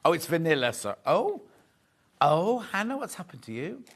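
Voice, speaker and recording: A man's voice: on the high side, very animated, moderate pace, fairly bright tone. A man presenting live shopping TV from a studio, chatting, joking and correcting himself as he reads out viewer messages. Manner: chatty, jokey, self-correcting as he goes. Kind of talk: live selling chat, reading viewer messages.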